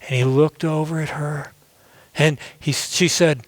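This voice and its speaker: A male pastor telling a children's story in an animated way, acting out the scenes. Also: fairly high pitch, unhurried, no room sound.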